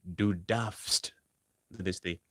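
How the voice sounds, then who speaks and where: A man teaching a language lesson, repeating example phrases slowly and stressing each word. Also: deep voice, fairly even intonation, dry recording, clean studio sound. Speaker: German language tutor. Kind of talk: slow, repetitive language lesson.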